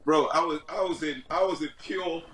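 A man's voice: fairly high pitch, normal speed, a bit bright, roomy sound, slight background noise, low-quality recording. A young man chatting casually as a podcast guest, laid-back, laughing often and saying "bro" a lot. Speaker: podcast guest, fitness content creator. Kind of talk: casual chat.

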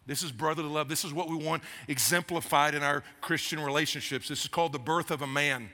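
A high, gravelly male pastor in his fifties preaching a sermon. He talks with a bright, forceful edge and drives points home by repeating them. His voice rings with the long reverb of a big church sanctuary. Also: fast talker. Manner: emphatic, repeats phrases, grows animated. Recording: long reverb of a large hall.

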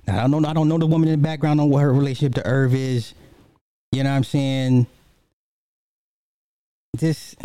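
A man's voice: a little high, warm tone, no room sound. A man giving a heated, profane reaction commentary in blunt everyday speech.

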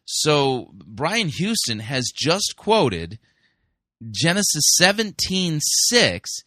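A male podcast host reviewing a sermon in a conversational way, full of fillers, slowing down to stress key words. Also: a little high, very animated, sharp tone, no room sound, studio quality.

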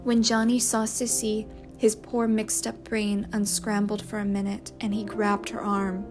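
A woman narrating a novel chapter in a measured, unhurried reading. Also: mid-range voice, completely flat delivery, a little mellow, soft background music. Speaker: audiobook narrator. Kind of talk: scripted storybook narration.

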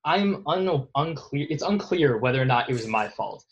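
A man's voice: fairly high pitch, expressive, normal speed, highs cut off. A young man casually recalling his school days in an interview, rambling and self-deprecating, often laughing at himself. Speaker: guest.

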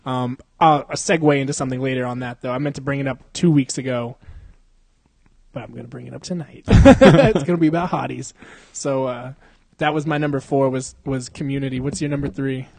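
A man's voice: mid-range voice, brisk, creaky, dry recording. A young man co-hosting a podcast, telling stories in a casual, profane way and laughing often. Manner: profane, animated storytelling with frequent laughter. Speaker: podcast co-host.

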